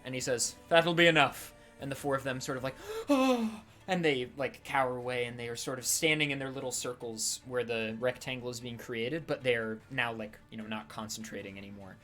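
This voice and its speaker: A man's voice: medium pitch, steady tone, a little fast, hardly any pauses, fairly bright tone, soft background music. Casual male game master narrating. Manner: casual, loose, full of fillers.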